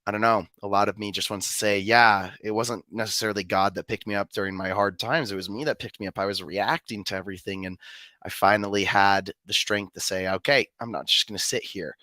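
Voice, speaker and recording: A man's voice: on the low side, fairly even intonation, brisk, pushed and bright, no echo. A young man co-hosting a casual talk, rambling with many fillers and restarts. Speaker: co-host. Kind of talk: casual discussion.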